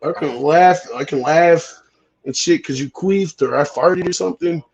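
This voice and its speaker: Hosting a casual chat, this man speaks at a fairly high pitch and moderate pace, cursing often and stumbling over repeated words. The lo-fi recording carries crowd noise behind him.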